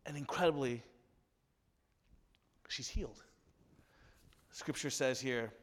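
A male pastor preaching a sermon in an animated storytelling way, acting out the characters. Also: high-pitched, fairly quick, in a large hall.

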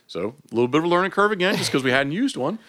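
A man's voice: a little high, rapid-fire. A man being interviewed on a podcast, telling stories in a casual way and acting out the back-and-forth of what people said to him. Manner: animated storyteller who acts out quoted exchanges. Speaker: hunting and fishing guide.

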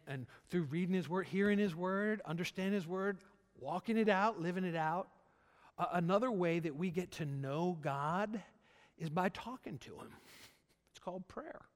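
Middle-aged male pastor, slightly high voice, emphatic and repetitive, church hall with long reverb. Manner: animated, emphatic with repetitions and jokes. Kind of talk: sermon. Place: church service.

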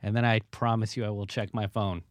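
A man's voice: fairly low pitch, little pitch movement, brisk, dry recording. A man co-hosting a talk show, wry and self-deprecating in his jokes. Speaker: co-host. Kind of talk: casual talk show banter.

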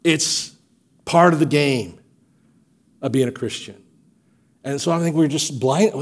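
A man preaching a sermon as pastor of a church, telling stories and acting out quotes with lively energy. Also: fairly high pitch, slow, long pauses. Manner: animated storytelling, acts out quotes. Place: church sanctuary.

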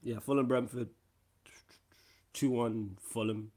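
A man's voice: medium pitch, fairly even intonation, a little mellow. A man in a casual sports chat, rattling off his score predictions in an offhand way. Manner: quick, offhand listing of scores.

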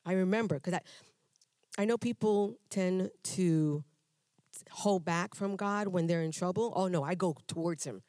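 A woman shares her personal testimony before a congregation in a church. She talks in a conversational, animated way, acting out dialogues with humor and restarting her sentences as she goes. Her voice sounds dry and close, with little room sound. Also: lowish voice, unhurried, dry recording. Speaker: church member giving testimony.

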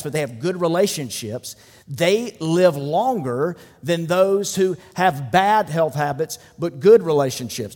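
A man's voice: fairly high pitch, darkish tone, in a large hall. A middle-aged man, a pastor, giving a sermon in a conversational, joking manner, with asides to the congregation. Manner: conversational preaching with jokes and asides.

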